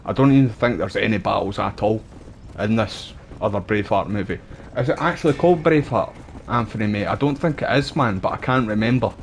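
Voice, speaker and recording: Here a man from Scotland talks a little fast in a lowish voice while playing a game on stream. Chatty and full of local slang, he wanders between stories over slight background noise.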